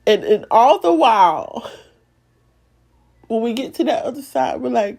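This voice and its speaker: A woman's voice: a little high, big pitch swings, measured pace, gravelly, a little mellow, slightly rough. A young woman hosting a faith podcast, giving an emotional, encouraging devotional talk with preacher-like repetition. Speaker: podcast host.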